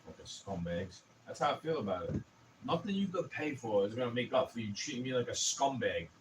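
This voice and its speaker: A man's voice: medium pitch, lively intonation, brisk, far from the mic, background noise. A man in his twenties, ranting profanely and heatedly in a casual livestream. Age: 20s. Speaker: streamer.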